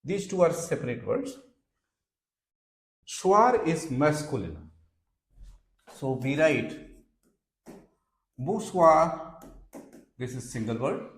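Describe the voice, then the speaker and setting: Slow, deliberate male French teacher. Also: mid-range voice, sing-song, roomy sound. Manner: slow, deliberate explaining, spelling words letter by letter. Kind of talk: classroom lecture.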